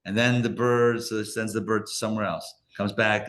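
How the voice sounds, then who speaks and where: A male rabbi teaches a live class through stories and plain examples. His delivery is relaxed and conversational, and he often restarts sentences as he builds his point. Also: fairly low pitch, brisk. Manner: conversational, anecdotal, with many restarts. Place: live class in a Torah center.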